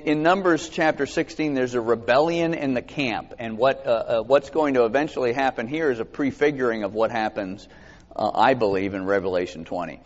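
A man preaching a conversational sermon to a congregation, reading scripture aloud and asking them questions. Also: mid-range voice. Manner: animated, expressive, asks the congregation questions. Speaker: pastor. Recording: dull sound with long hall reverb.

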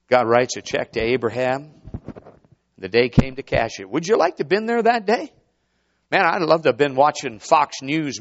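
High, swooping male preacher. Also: muffled recording. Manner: dramatic, swooping, rhetorical, call-and-response. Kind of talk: sermon.

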